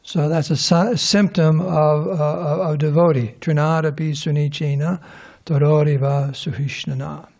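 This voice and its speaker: A man's voice: fairly high pitch, little pitch movement, moderate pace, gravelly, a little mellow. A middle-aged man giving an informal scripture class to a live audience in a temple hall, rambling, restarting sentences and tossing questions to the listeners.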